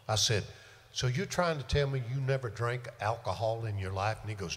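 Between songs on his livestream show, an older singer chats casually, spinning folksy, joking stories. He speaks fairly quickly in a lowish, fairly bright voice, recorded in a reverberant room with music.

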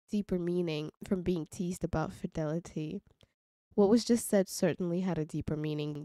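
A woman's voice: sits low, mellow, no echo, studio quality. Bubbly woman gushing over gameplay. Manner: gushing and chatty, giggles often. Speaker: let's play creator. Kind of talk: casual gameplay commentary.

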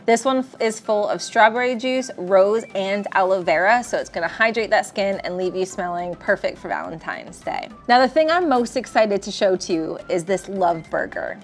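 A woman's voice: mid-range voice, moderate pace, few pauses, soft background music. A woman presenting gift products, bubbly and gushing over how cute and delicious everything is. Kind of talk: enthusiastic product showcase.

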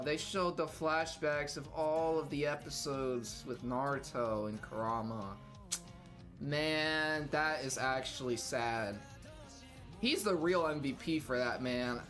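A man hosting an anime reaction video, talking casually with slang, shouting out in surprise and sometimes falling to a hushed whisper. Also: medium pitch, slow, soft background music. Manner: casual and slangy, exclaiming loudly then dropping to hushed whispers. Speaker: host.

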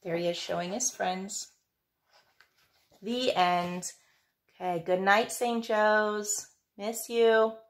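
A woman teacher reading a picture book aloud, in an expressive, lilting storytelling manner. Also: medium pitch, slow pace, pauses often.

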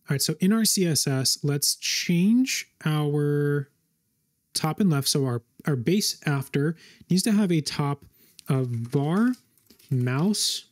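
A man hosting a coding tutorial, thinking aloud as he types, with frequent fillers and quick self-corrections. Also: a little high, a little mellow. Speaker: web design tutorial host. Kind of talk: screen-recorded coding walkthrough.

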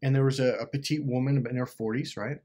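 A man with a medium-pitched voice talks at a quick pace while hosting a self-help video. He tells a personal story casually and animatedly, rambling with lots of fillers and swearing.

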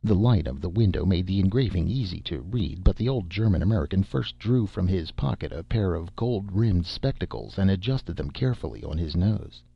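Deep, gravelly audiobook narrator. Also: male voice, no echo, muffled recording. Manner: steady, measured storytelling.

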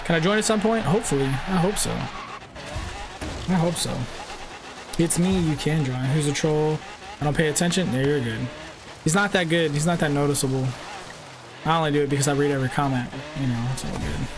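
A man's voice: on the high side, fairly quick, long pauses. A man in his twenties streaming a racing game, chatting casually, swearing and jabbing back at trolls in chat. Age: 20s. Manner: brash, swears, trades jabs with chat trolls. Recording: loud car game sounds behind. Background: racing game engine noise.

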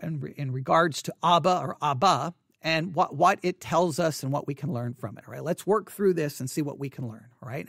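A man's voice: fairly high pitch, dry recording, clean studio sound. A man teaching a casual Bible word study, thinking aloud and repeating words as he reads verses and notes.

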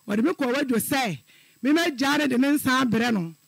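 A man's voice: extremely high pitch, moderate pace, creaky, fairly bright tone, a little hiss or hum. A middle-aged man calling in to a radio show, telling a personal story in an earnest, repetitive way. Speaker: caller.

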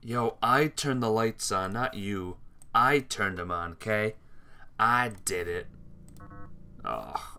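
A man's voice: lowish voice, expressive, takes it slowly, long pauses, sharp tone, smooth. A man streaming a game with laid-back, chatty commentary, talking to his chat and teammates while yawning and sleepy. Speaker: gaming streamer.

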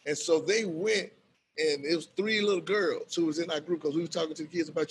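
Brief: middle-aged man, slightly higher voice, lively storyteller who laughs easily, faint background noise. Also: quick pace. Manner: animated, acts out quoted voices, laughs often. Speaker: bishop and violence-prevention worker. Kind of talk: casual storytelling in a conversation.

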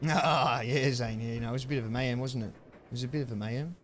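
A young man chatting through a live-streamed game, excitable and prone to yelling thanks at viewers. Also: mid-range voice, fast, a little hiss or hum. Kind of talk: live-stream gameplay commentary.

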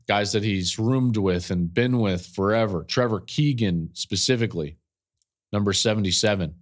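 Earnest, emotional male podcast host. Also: on the low side. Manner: earnest, openly emotional storyteller. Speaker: podcast host, football analyst. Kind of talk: podcast commentary, personal storytelling.

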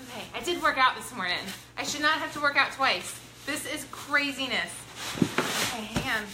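A woman hosting a live unboxing from her home, bubbly and excited, greeting viewers by name. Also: sits high, a little slow, long pauses. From Ohio, US. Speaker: product review livestream host. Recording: echoey room with background noise.

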